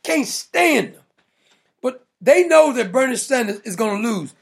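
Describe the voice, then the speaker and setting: Gravelly, blunt male political ranter. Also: extremely high pitch, very animated, a little slow. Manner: emphatic, mocking, blunt. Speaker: political talk show host. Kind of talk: opinionated political rant.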